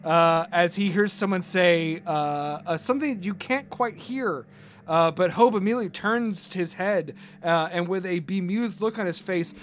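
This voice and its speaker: A man narrating a tabletop game as game master, halting and full of fillers. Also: high-pitched, slight background noise.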